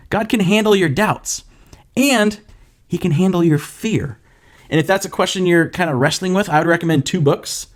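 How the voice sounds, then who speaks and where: A young man preaching a casual sermon. He tells a story and acts out the quoted voices with animated energy. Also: on the high side. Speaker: pastor.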